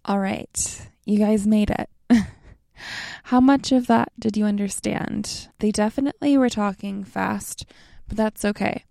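A young American woman teaching a lesson in a slow, relaxed and friendly way, often calling her listeners you guys. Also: medium pitch, vocal fry, dry recording, studio quality. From North America. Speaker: language teacher. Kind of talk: casual explanatory lesson.

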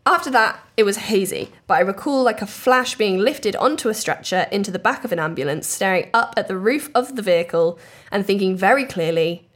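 A woman's voice: medium pitch, expressive, fairly quick. A woman co-hosting a podcast in casual chat, reading listener stories aloud and laughing easily. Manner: chatty storyteller, laughs easily. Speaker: podcast co-host.

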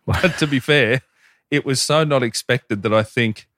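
A man in his thirties, co-hosting a casual podcast, telling crude, profane stories with animated quoted voices. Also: mid-range voice, unhurried, no echo, clean studio sound. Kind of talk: casual chat, storytelling.

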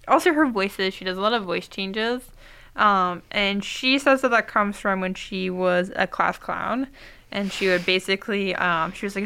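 A young woman in her twenties talks about an album in relaxed podcast chat, slipping in fillers all the time. Her voice has a gravelly fry and a bright, tense sound. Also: mid-range voice. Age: 20s. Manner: chatty, many fillers. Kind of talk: casual chat about music.

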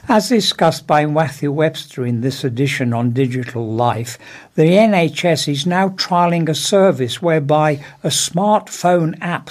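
A man's voice: a little high, darkish tone. Wry Englishman reading a comic column. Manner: wry, dry comic delivery. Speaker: contributor reading his own column. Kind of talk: reading a humorous first-person column.

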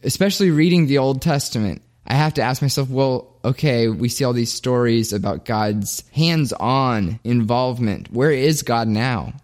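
A man hosts his own show and comments on a clip in a relaxed, chatty manner. His voice sits in an ordinary middle range. He often breaks off for self-deprecating asides. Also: mid-range voice, normal speed, hardly any pauses. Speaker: podcast host. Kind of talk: casual commentary.

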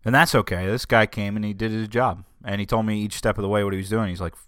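A man's voice: on the low side, steady tone, quick pace, fairly bright tone, no room sound, studio quality. A man hosting his own podcast, talking casually and rambling, griping about his week with wry humor. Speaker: podcast host. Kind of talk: casual solo podcast talk.

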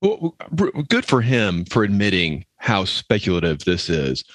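Male co-host, dry sarcastic wit, fairly low voice, dry close recording. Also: sing-song, measured pace, fairly bright tone, dry recording. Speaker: podcast co-host. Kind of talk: comedic banter.

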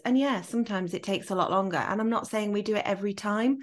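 Blunt woman hosting a podcast, mid-pitch, swears casually, straight talker. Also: fast. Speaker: podcast host. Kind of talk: candid conversational chat.

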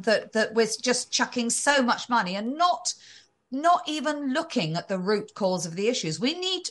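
A woman's voice: fairly high pitch, a bit bright. A woman guest in an interview, answering questions thoughtfully and often restarting her sentences. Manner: thoughtful, frequent restarts and fillers, occasional laughs.

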